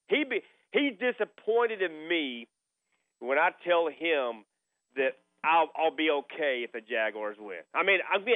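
The voice belongs to a middle-aged sports radio host, on the high side, who tells a story in a relaxed chat and keeps repeating himself. The audio has no echo and sounds like a phone-line radio broadcast.

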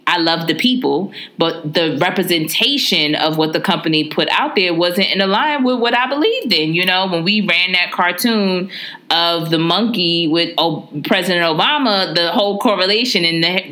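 A woman's voice: lowish voice, moderate pace. A woman in her thirties co-hosting a podcast, chatting casually and laughing often. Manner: lively, laughs often, teasing. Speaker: podcast co-host.

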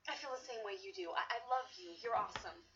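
A woman's voice: mid-range voice, fast, a bit bright, natural voice. An actress playing a flustered young woman in a sitcom who halts over her words. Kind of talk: sitcom acting. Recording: dull TV clip audio with faint noise.

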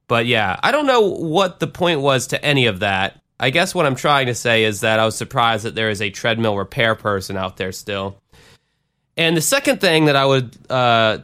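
Bright, lively man telling a rambling story. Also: mid-range voice, smooth. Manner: profane, rambling, self-deprecating. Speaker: podcast host and DJ. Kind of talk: casual storytelling.

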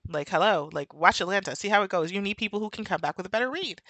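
A woman's voice: medium pitch, expressive, fast, a bit bright, dry recording. A woman with a New York accent hosting a podcast, talking animatedly in a casual monologue, going off on tangents and laughing often. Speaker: podcast host.

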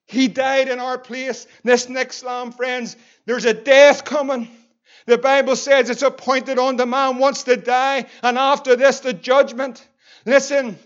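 A pastor preaches with passion in a notably high voice, moving between loud calls and hushed words. The recording is dull and lo-fi, as if taped in a church. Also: male voice, clear, resonant tone. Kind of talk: sermon.

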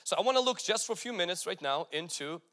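A man's voice: high-pitched, animated, fast talker, bright, forceful tone. A man preaching a sermon, emphatic, with repeated calls to the congregation. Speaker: pastor.

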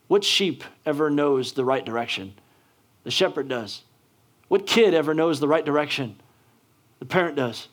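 A man preaching a sermon, talking casually with many restarts and building to fervent, emphatic delivery. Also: a little high. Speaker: pastor.

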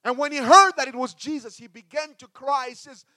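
A man preaching a sermon as a pastor, with emphatic delivery that swings between loud and hushed. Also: extremely high pitch, normal speed, hardly any pauses, no room sound, clean studio sound.

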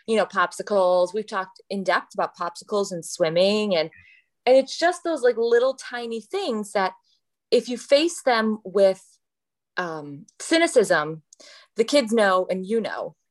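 A woman in casual podcast conversation with a very lively, swooping voice at a middle pitch. She tells classroom stories animatedly. She often slips into other people's voices as she tells them. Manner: animated storyteller, acting out voices. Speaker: guest, elementary school teacher.

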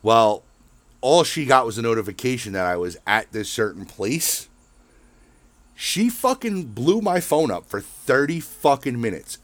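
A man's voice: medium pitch, sing-song, a little slow, fairly bright tone, no echo. A man hosting his own show, ranting in a casual, rambling monologue full of swearing and filler words. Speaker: podcast host.

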